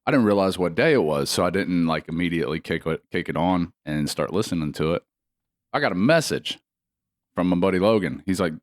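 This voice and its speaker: A man's voice: deep voice, expressive, fairly quick, no room sound, clean studio sound. A man co-hosting a podcast in casual chat, cursing freely and laughing often. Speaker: podcast co-host.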